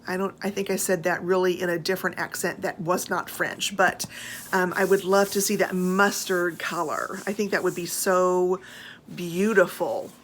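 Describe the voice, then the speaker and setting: An American woman vlogging casually about handbags, chatty and gushing, with frequent fillers and drawn-out admiration. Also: lowish voice, steady tone, a little hiss or hum. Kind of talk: casual show-and-tell chat.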